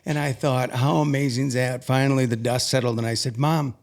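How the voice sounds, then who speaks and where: A young man earnestly recounting a personal story as an interview guest, halting and emotional at times. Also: medium pitch, fairly even intonation, vocal fry.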